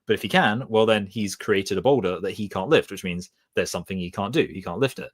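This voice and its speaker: A man with a Southeast English accent talks in a fairly low voice. He rambles through casual live-stream commentary, chatty and quick to laugh. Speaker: streamer reacting to a debate video.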